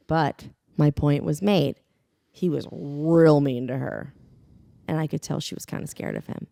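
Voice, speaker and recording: A young adult woman with a low, gravelly voice spins a rambling story on a podcast, blunt and quick to laugh. The sound is dry and close, with no room around it. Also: steady tone, mellow, no room sound. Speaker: podcast co-host. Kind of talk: casual chat.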